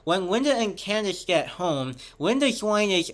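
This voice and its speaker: A man's voice: high-pitched, big pitch swings, measured pace. A man hosting a show, reading a scripted review steadily and detail by detail.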